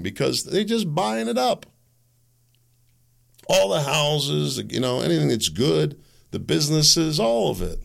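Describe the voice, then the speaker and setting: Man, podcast host, solo commentary, animated rant, gravelly, swooping pitch. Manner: animated ranting, acting out quoted voices.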